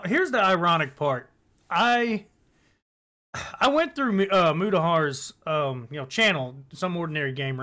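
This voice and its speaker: A man's voice: a little high, bright, forceful tone. A man hosting a casual commentary video, rambling, swearing and often restarting his sentences. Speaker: commentary channel host.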